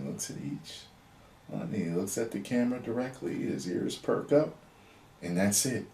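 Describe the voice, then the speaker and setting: A man's voice: on the low side, lively intonation, moderate pace, gravelly, a little mellow, a little hiss or hum. A man chatting casually and emotionally as he reviews a show he just watched. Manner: chatty, emotional, chuckles as he talks. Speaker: YouTube reaction reviewer. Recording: roomy echo.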